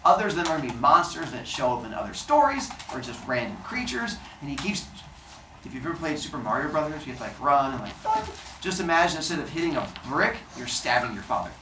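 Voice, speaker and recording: Jokey male teacher, lively storyteller, distant and roomy mic. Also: fairly high pitch, fast talker, noisy background. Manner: playful, jokey asides. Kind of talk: animated storytelling to a class. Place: classroom.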